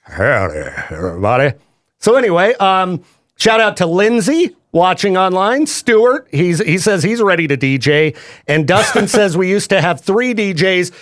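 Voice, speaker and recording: Lively high-voiced male radio DJ. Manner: jokey, chatty, quick laughs. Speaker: radio DJ host. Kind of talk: casual studio chat. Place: radio studio. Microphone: studio microphone.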